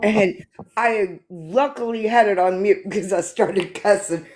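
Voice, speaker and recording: A woman's voice: medium pitch, a little slow, darkish tone, soft background music. An older woman hosting a live stream, telling stories with laughter and swearing in a casual chat. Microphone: phone or computer for live stream.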